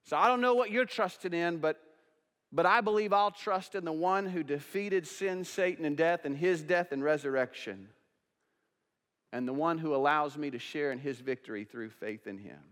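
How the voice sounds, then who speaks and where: A man's voice: a little high, normal speed, a bit bright. A man preaching an earnest sermon as pastor, now and then singing hymns. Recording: long reverb of a church hall.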